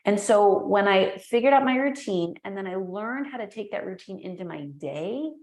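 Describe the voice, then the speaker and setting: Animated woman in an echoey room. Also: mid-range voice, moderate pace. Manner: energetic, animated storyteller who acts out quotes. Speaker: guest, entrepreneur and speaker. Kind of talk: casual interview chat.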